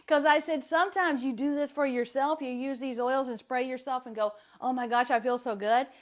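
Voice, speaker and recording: A woman with a light Southern US accent talks to her live-stream audience as a wellness coach. Her voice sits a little high, and her delivery is chatty and upbeat. She laughs often as she talks. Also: muffled recording.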